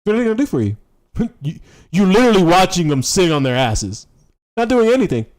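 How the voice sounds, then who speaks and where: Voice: mid-range voice, sing-song, quick pace, darkish tone. A political commentator doing livestream commentary on clips, talking heatedly in casual slang, repeating rhetorical questions and swearing.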